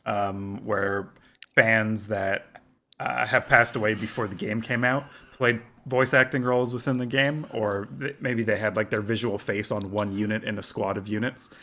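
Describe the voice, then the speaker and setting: A man's voice: on the low side, steady tone, normal speed, pushed and bright. A man co-hosting a gaming podcast in casual chat, often laughing and quoting others in playful voices. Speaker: podcast co-host.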